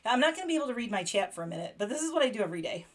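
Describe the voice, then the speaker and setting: A woman's voice: on the high side, very animated, rapid-fire. A woman from the United States hosting a casual late-night livestream chat. She talks in a chatty way, laughs often and reads short practice phrases aloud. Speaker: livestream host.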